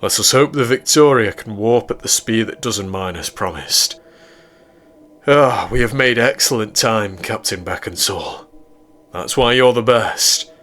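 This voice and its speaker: Dude voicing arrogant know-it-all scientist, pompous and loud. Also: male voice, lowish voice, a little slow. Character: arrogant, volatile older male scientist.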